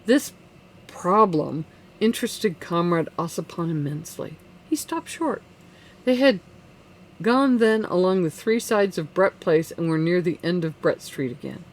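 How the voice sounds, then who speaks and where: Audiobook narrator, measured classic-novel storytelling, mid pitch. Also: animated.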